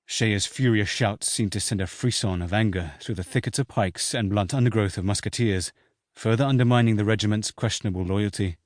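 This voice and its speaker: A man with a fairly low voice narrating an audiobook in a steady, measured read. The recording is dry and close, with no room sound. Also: no echo. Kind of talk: scripted narration.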